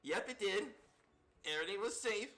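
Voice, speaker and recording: A woman's voice: medium pitch, expressive, normal speed, a bit bright. A woman streaming a game, reacting with chatty, joking commentary and frequent laughter. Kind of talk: casual gameplay commentary.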